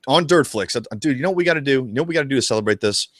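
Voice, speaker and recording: A man co-hosting a casual live discussion about a video game, talking in an excitable, profane and animated way. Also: mid-range voice, rapid-fire, dry recording, clean studio sound. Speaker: co-host of a retro gaming show.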